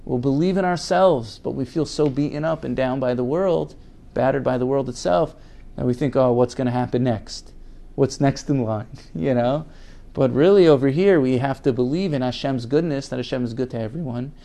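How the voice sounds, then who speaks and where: Male Torah teacher, mid-range pitch, earnest, repeats words for emphasis, reads Hebrew quotes then translates. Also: fairly quick, gravelly, mellow. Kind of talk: Torah class.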